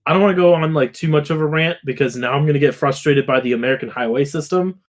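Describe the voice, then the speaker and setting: A man's voice: on the high side, fast. Young man telling stories in casual, profane chat. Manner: profane, rambling storyteller who drifts into rants. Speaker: podcast co-host.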